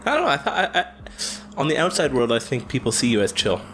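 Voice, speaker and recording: A young man co-hosting a podcast in casual chat, animated and jokey, laughing often. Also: mid-range voice, quick pace, slight background noise. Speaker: podcast co-host.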